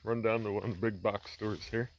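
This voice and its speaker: A man's voice: lowish voice, brisk. A man chatting casually about farm chores as he walks outdoors, filming on a handheld camera, with plenty of fillers and restarts. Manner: relaxed, rambling, many fillers and restarts. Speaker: farmer vlogger. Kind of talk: casual walk-and-talk narration.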